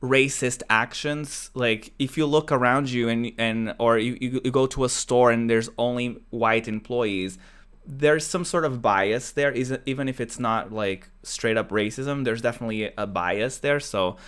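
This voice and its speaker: Smooth-voiced young man from Portugal. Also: mid-range voice, measured pace, fairly bright tone. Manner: rambling, full of fillers and restarts. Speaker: podcast host. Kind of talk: casual chat.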